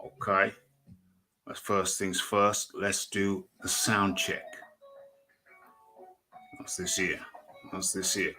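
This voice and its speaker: A man with a northern English accent hosts a livestream, talking slowly and repeating himself while he sorts out his settings. His low voice has a bright, forceful edge. Faint music plays behind him. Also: flat delivery, rough recording. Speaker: host of a boxing talk livestream. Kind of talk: casual livestream setup chatter.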